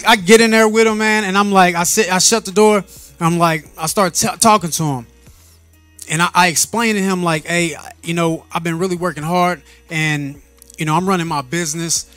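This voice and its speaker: A man with a slightly higher voice tells a personal faith story in a relaxed, earnest way. He often repeats and restarts his words and laughs between phrases. Soft music plays faintly behind him. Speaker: vlogger sharing a faith testimony. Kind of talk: casual spoken storytelling.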